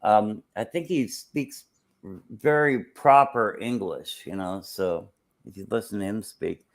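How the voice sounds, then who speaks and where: Halting, wordy man with formal phrasing. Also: lowish voice. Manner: halting and wordy, many "uh" pauses, formal word choice. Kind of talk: casual chat.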